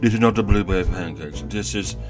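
A man's voice: sits low, a little mellow, faint music behind, pitched below the performer's own voice, lightly acted. Kara Barbala, a man voicing a pompous church lady. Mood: haughty. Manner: slow, drawn-out and affected. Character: posh, pompous woman, a high church official.

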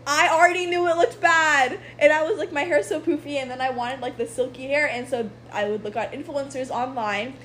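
A woman's voice: high voice, brisk, hardly any pauses, a bit bright, slight background noise, low-quality recording. Chatty young woman podcast host. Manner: chatty, many fillers and self-interruptions. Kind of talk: casual chat.

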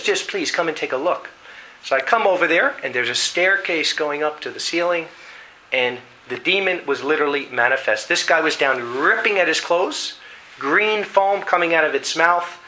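A man preaches a sermon, telling a dramatic story and acting out voices as he goes. His voice is slightly high and very bright, with a cutting edge. Faint noise hangs in the background. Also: low-quality recording. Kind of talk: sermon with storytelling and scripture reading.

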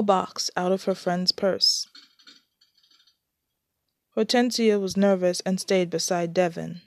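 Woman reading a story in a low, dry voice. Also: fairly even intonation, takes it slowly, pauses often, no echo. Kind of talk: reading her own story aloud.

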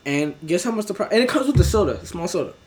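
A man's voice: sits high, animated, racing, darkish tone. A young man telling a story among friends, laughing often and swearing freely. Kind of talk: casual chat, storytelling.

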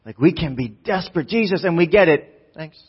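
Guy preaching, husky kinda high voice, gets animated then goes real quiet, dull lo-fi sound. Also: a little fast. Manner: animated, acts out voices, drops to quiet emphasis. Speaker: pastor. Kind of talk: sermon.

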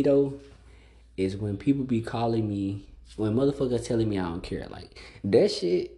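A man's voice: on the low side, mellow. A man hosting a casual solo podcast monologue, blunt and profane, filling every phrase with "like.". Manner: blunt, profane, repeats "like" constantly. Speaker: podcast host.

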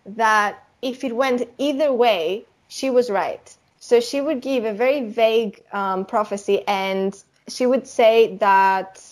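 A woman's voice: a little high, slow, hardly any pauses. Young woman podcast cohost, chatty, explains stuff, lots of "you know". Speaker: podcast co-host. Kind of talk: casual chat.

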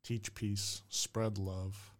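Male host, lowish voice, casual solo monologue, thinks out loud and hedges a lot. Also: little pitch movement, drawn-out words. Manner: musing, unsure, rambling with hedges.

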